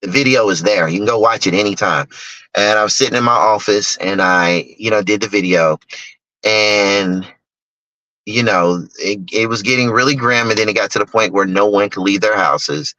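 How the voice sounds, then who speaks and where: A man speaking as a guest, telling a personal story in an animated way and acting out other people's lines. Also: on the low side, normal speed, no echo, rough recording. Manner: animated storyteller who acts out other people's lines in sharply raised voices. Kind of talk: personal storytelling on a talk stage.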